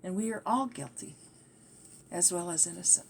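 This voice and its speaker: A woman's voice: lowish voice, normal speed, vocal fry, background noise. A woman vlogger talking in a rambling, emphatic monologue that trails off and restarts. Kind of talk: rambling spiritual-political monologue.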